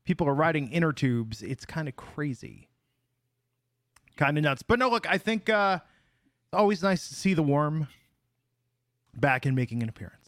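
A man's voice: on the high side, very animated, normal speed, pauses often, fairly bright tone, dry recording, clean studio sound. A man co-hosting a podcast in casual chat, with a playful, theatrical announcer-style delivery. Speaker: podcast co-host.

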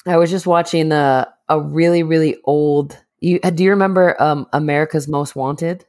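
A man's voice: a little high, fairly even intonation, moderate pace, a little mellow. A man co-hosting a podcast in casual chat, joking and profane, laughing often and mimicking people in put-on voices. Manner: profane, jokey. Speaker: podcast co-host.

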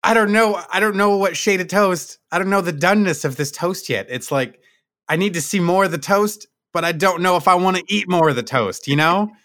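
A man's voice: high voice, brisk, a bit bright, no room sound, studio quality. A man co-hosting a podcast, musing and questioning aloud in casual chat. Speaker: podcast co-host.

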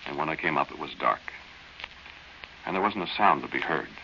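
A man's voice: a bass voice, animated, fairly quick, bright, forceful tone, heavily acted. A man narrating as a young man recalling an eerie night adventure, plain-spoken storytelling in 1940s radio acting style. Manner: plain-spoken storytelling, drops to tense murmurs. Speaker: narrator and lead character. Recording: dull old radio recording with faint hiss.

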